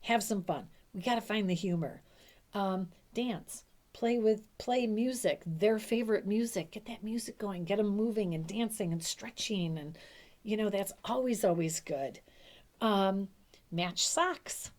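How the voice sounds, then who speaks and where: A woman's voice: medium pitch, unhurried, darkish tone. A middle-aged woman coaching dementia caregivers in a casual, emphatic teaching talk, often acting out little quoted lines.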